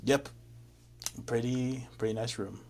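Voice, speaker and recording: A man's voice: mid-range voice, fairly even intonation, takes it slowly, a little mellow. A young man giving blunt, self-mocking commentary as a music reviewer in a casual vlog.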